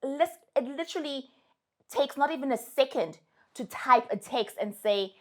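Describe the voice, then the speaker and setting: A woman's voice: sits high, normal speed. A young adult woman with a South African accent, giving casual, emphatic advice to her followers. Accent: South African English. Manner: animated, emphatic, sassy.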